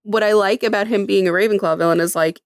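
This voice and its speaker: A woman's voice: mid-range voice, steady tone, fast talker, dry recording, clean studio sound. Chatty young woman on a podcast. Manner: chatty, analytical, peppered with 'like'. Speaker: podcast co-host. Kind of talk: casual chat.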